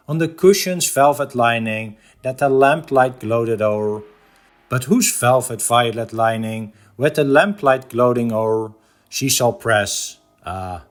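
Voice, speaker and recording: A male lecturer whose voice sits in an ordinary middle range. He recites verse with slow, measured drama, then shifts into a clear, teacherly explanation. His delivery stays deliberate and composed throughout. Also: mid-range voice. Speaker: art lecturer.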